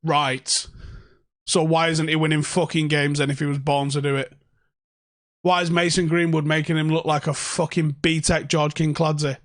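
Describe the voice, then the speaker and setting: A man's voice: a little high, level tone, moderate pace, no echo, clean studio sound. A young man hosting a casual fan livestream from home, ranting and swearing sarcastically. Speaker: fan channel host.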